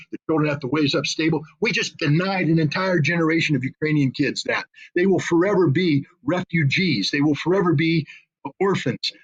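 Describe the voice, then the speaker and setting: A guest commentator in an interview speaks with a slightly rough, rather high male voice, and the audio is dull. He is emotional and indignant, repeating phrases for emphasis.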